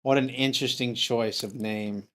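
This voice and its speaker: A man's voice: mid-range voice, steady tone, normal speed, fairly bright tone, a little hiss or hum. A man streaming a game live, talking casually to his chat, frustrated and swearing as he rambles.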